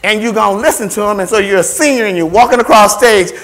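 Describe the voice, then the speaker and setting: A man giving an animated motivational talk to students about finding scholarships, playful and repetitive, acting out voices and sounds. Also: high voice, quick pace. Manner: playful, repeats phrases, acts out voices and sounds. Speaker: scholarship workshop speaker.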